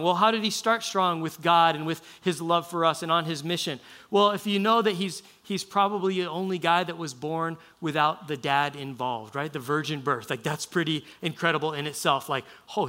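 A man's voice: a little high, sharp tone. A male pastor preaching a sermon in a casual, conversational way, with frequent restarts.

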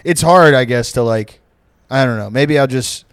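A man's voice: mid-range voice, moderate pace, clean tone, no room sound, studio quality. A young man co-hosting a podcast, telling profane, rambling comic stories and laughing often. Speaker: podcast co-host. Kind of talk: casual comedic storytelling.

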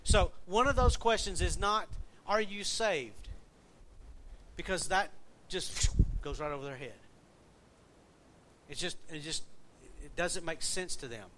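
A pastor with a slightly high voice delivers a relaxed, unhurried sermon, keeping it conversational and checking in with the congregation through questions. A faint low rumble hums in the background.

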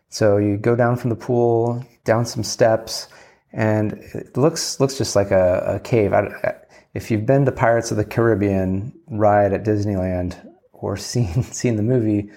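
Man, low voice, casual storytelling, rambling and candid, swears freely. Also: mellow.

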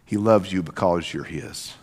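A man preaching a sermon as pastor, swinging from loud emphatic passages to soft near-whispers. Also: deep voice, measured pace, husky, in a large hall. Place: church sanctuary.

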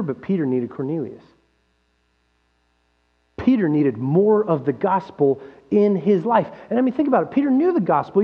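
A man with a high voice preaches a sermon, lively and full of rhetorical questions. His voice rings through a large hall with a long reverb. The recording sounds dull and lo-fi, with a faint mains hum underneath. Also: husky. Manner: animated, acts out quoted voices, rhetorical questions. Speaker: pastor.

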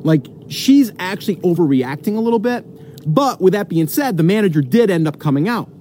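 A man's voice: high voice, expressive, a little fast, mellow, a little hiss or hum. A man telling a long story to the camera, rambling with many fillers and restarts. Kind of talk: casual storytelling.

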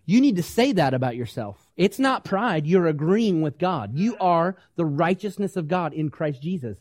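A male pastor delivers a lively sermon. His voice sits high for a man and sounds dry and close. He keeps asking the congregation questions and acts out the voices he quotes. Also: moderate pace, dry recording. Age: young adult or middle-aged, parent of small kids.

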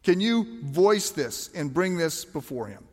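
A man's voice: fairly high pitch, big pitch swings, unhurried, a little mellow, big-room sound, soft background music. A man preaching a sermon as a pastor, talking conversationally with emphatic rhetorical questions.

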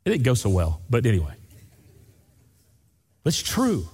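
Animated pastor in a reverberant church. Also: male voice, measured pace, slightly rough. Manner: lively preaching, swings up high for emphasis, asks the congregation questions. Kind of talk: sermon. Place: church sanctuary. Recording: long hall reverb of a church.

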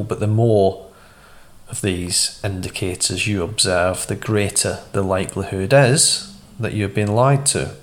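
A man hosting a podcast, giving a measured, conversational talk with a personal story. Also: low-pitched. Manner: measured, conversational, with small restarts. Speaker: podcast host. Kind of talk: instructive monologue and anecdote.

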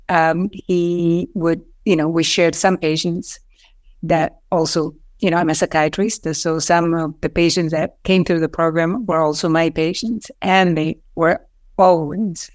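A woman co-hosting a podcast, a psychiatrist chatting in a warm, complimentary way. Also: on the low side, fairly even intonation, unhurried, dry recording. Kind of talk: interview chat.

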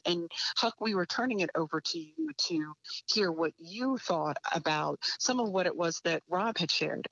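Bright-voiced host on dull audio. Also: mid-range voice, no echo. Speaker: podcast host. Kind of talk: hosting conversation.

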